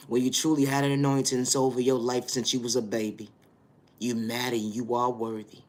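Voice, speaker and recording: A man giving a preachy spiritual motivational monologue, repeating stock phrases and building to loud, emphatic bursts. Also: medium pitch, level tone, fairly quick. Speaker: spiritual reader.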